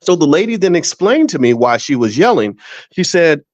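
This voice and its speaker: A man's voice: fairly high pitch, sing-song, normal speed, no echo. Emphatic man on a dull, dry recording. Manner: emphatic, repetitive restarts, storytelling with exaggerated voices. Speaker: finance educator and show host. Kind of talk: casual direct-to-camera commentary.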